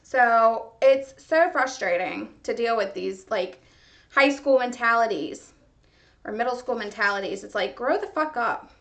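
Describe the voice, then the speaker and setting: A woman's voice: on the high side, unhurried, fairly bright tone. A young woman hosting a podcast, ranting in casual chat, frustrated and swearing freely with lots of "like". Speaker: podcast host. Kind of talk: casual venting monologue.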